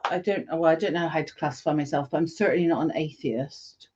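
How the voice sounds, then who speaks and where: A woman's voice: low-pitched, fast talker, a little mellow, highs cut off, slight background noise. A woman co-hosting a podcast in casual, playful, teasing chat. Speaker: podcast co-host.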